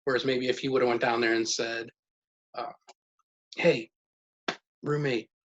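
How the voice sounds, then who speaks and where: A man's voice: mid-range voice, flat delivery, fairly quick, fairly bright tone. Patient man quizzing children. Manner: patient, questioning, praises answers. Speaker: parent teaching a life-skills lesson. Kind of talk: casual home lesson with children. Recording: dull lo-fi sound with faint noise.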